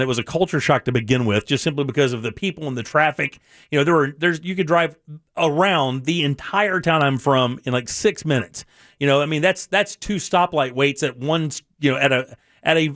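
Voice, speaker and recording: Telling animated stories and voicing the people in them, a radio talk show host keeps the chat casual. His fairly high, slightly bright voice comes through on a dry recording with clean studio sound.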